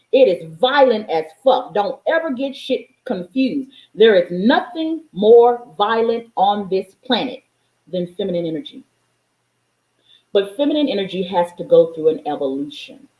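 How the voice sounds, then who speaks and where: A woman preaches about nature and spirit in a fervent, profane monologue, fighting back tears. Her mid-pitched voice rings out in a room with a lot of echo. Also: a little mellow. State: near tears. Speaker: spiritual vlogger. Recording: echoey room.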